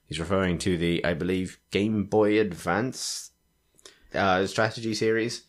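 A man with a low, deep voice talks in casual podcast chat. He rambles enthusiastically, full of likes and restarts, as a regular co-host. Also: fairly even intonation, measured pace. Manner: rambling, enthusiastic, many fillers.

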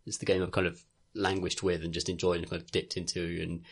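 A man's voice: deep voice, flat delivery, fast, slightly rough. A young man co-hosting a casual podcast chat, rambling with lots of fillers and laughter. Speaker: podcast co-host.

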